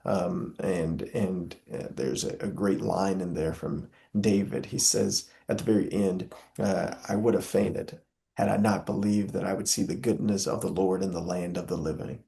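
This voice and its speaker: Young guy, real gravelly voice, kinda low, talks like a preacher. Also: steady tone, normal speed, warm tone. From Southern US. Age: young adult. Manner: impassioned, preacherly, frequent filler "uh". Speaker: guest. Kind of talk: earnest interview conversation.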